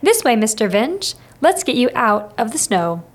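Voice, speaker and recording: A cheerful mother who runs an inn, friendly and a little teasing, as a woman narrator voices her. She greets people warmly in a storybook reading. The voice sits slightly high. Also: sing-song, normal speed. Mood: welcoming.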